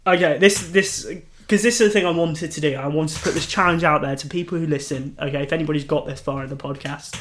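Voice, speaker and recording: A man's voice: a little high, fairly even intonation, quick pace, hardly any pauses, fairly bright tone. A man co-hosting a podcast, teasing his friend, laughing often and tripping over words. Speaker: podcast co-host. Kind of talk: casual podcast banter.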